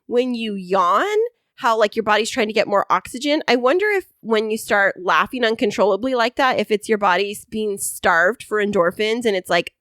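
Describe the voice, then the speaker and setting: A woman's voice: medium pitch, animated, moderate pace, a bit bright, no room sound, clean studio sound. A woman co-hosting a podcast in casual chat, teasing and talkative. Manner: teasing, chatty. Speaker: podcast co-host. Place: home studio.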